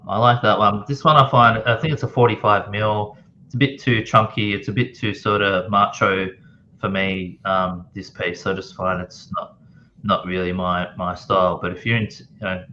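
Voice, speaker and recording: A man's voice: fairly low pitch, a bit bright, muffled recording, a little hiss or hum. A man joining a live watch chat over a video call, easygoing and rambling with lots of restarts.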